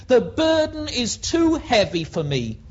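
A preacher voicing an anguished old male prophet who pleads with God and shouts in despair, on a dull lo-fi recording. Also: medium pitch, animated, takes it slowly.

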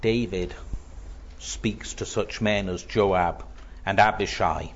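Slow, earnest male preacher, lo-fi. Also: sits low. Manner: slow, earnest, voice drops to near-whisper when quoting. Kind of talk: sermon. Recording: dull lo-fi recording.

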